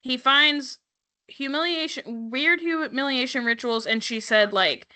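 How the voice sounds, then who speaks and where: A woman's voice: high voice, unhurried, pushed and bright. A woman co-hosting a podcast, recapping reality TV in casual, sarcastic, profane chat. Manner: sarcastic, profane, laughing asides. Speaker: podcast co-host.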